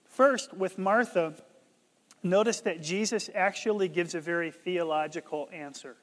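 A man preaching a sermon as pastor, emphatic and surging loud on key words, often stumbling and restarting his words. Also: high voice, unhurried, in a large hall.

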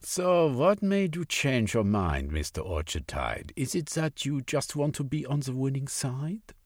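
A man's voice: medium pitch, very animated, a little slow, no echo, clean studio sound, pitched above the performer's own voice. A man voicing a passionate young aristocrat turned radical, pleading his case in a storybook reading. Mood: impassioned.

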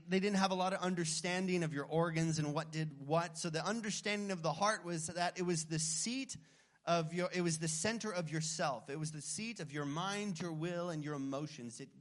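A man in his thirties preaching a sermon as pastor, earnest and emphatic, slowing down to stress key phrases. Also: fairly high pitch, fairly bright tone.

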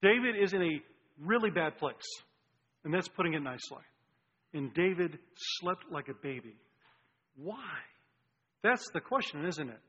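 A man preaching a sermon as pastor, earnest, with restarts and swings between loud and hushed delivery. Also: on the high side, husky. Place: church sanctuary. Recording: dull lo-fi sound with long hall reverb.

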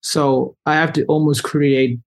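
A young man being interviewed as a musician, telling a story in a loose, animated way with lots of fillers. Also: on the high side, unhurried. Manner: animated, loose, heavy use of "like". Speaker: musician guest.

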